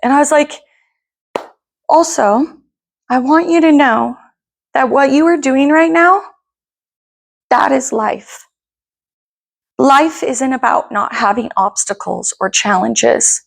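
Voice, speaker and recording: Middle-aged woman, slightly higher voice, casual heartfelt storytelling, animated and encouraging, acts out the dialogue. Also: slow pace, gravelly, pauses often, husky. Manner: earnest, encouraging, animated retelling with quoted dialogue. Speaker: mother telling a family story.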